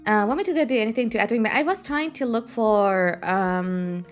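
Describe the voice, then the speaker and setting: A woman's voice: fairly high pitch, moderate pace, soft background music. A woman game streamer in casual live-stream chat, rambling with frequent swearing and fillers.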